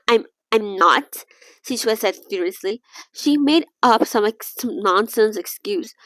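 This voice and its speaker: A young woman reads a novel aloud at a relaxed read-along pace, tripping over words and backing up to fix them. She stops now and then to make wry remarks about the story. Her voice sits a little high and sounds close and dry, with no room around it. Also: a little slow, no echo. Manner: stumbles and restarts, laughs and comments between passages. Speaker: reader reading a novel aloud. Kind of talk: casual read-along with asides.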